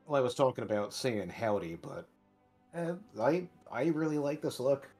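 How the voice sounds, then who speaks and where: An easygoing young cowboy type talks in a folksy, friendly way, voiced by a man in a tabletop game. His voice sits at a middle pitch. Faint music plays behind. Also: very animated, moderate pace, a little mellow.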